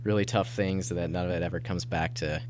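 A man taking part in a casual discussion of a novel, speaking in a measured, thoughtful way. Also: sits low, fairly even intonation, noisy background. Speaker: discussion participant.

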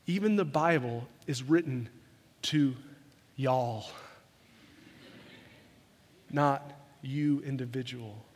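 A man preaching a sermon to his congregation in an earnest, conversational way, often repeating words as he rushes ahead. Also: medium pitch. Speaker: pastor. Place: church sanctuary. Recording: long hall reverb.

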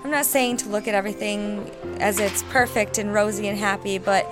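A woman with a mid-range voice reflects earnestly on her past, with pauses and soft hesitations. Music plays clearly underneath. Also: mid-range voice, fairly even intonation. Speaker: guest storyteller. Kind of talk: sincere interview reflection.

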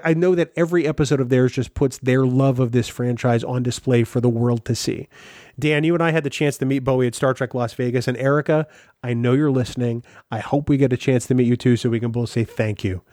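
A man's voice: medium pitch, fairly even intonation, fairly quick, darkish tone, no room sound, clean studio sound. A man hosting a podcast, heartfelt and teasing. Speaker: podcast host. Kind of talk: casual podcast chat.

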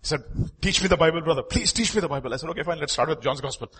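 A man preaching a sermon, moving between loud emphatic lines and quiet asides. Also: a little high, racing, breathy edge. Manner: animated, swings from loud emphatic lines to quiet asides, acts out quoted voices.

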